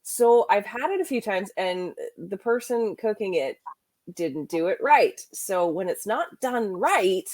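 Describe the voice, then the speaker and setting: A woman from Canada, a guest on a casual chat, telling relaxed stories and laughing at them. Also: medium pitch, a little slow, no echo.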